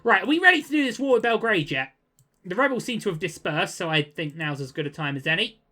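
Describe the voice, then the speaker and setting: A young man giving casual gameplay commentary, chatty and quick to get exasperated, with jokey asides. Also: sits high, lively intonation, sharp tone. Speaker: gaming video creator.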